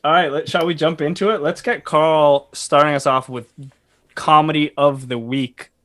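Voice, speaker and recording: A man's voice: a little high, fairly even intonation, moderate pace, fairly bright tone. A man hosting a podcast, upbeat and laughing a lot in casual chat. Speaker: podcast host.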